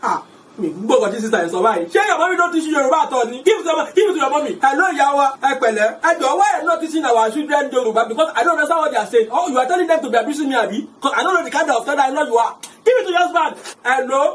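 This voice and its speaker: A man with a Nigerian accent playing a bossy, excitable elder called Baba in a comedy skit, loud and teasing, mixing Pidgin and Yoruba. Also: extremely high pitch, racing, far from the mic, slight background noise. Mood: joking.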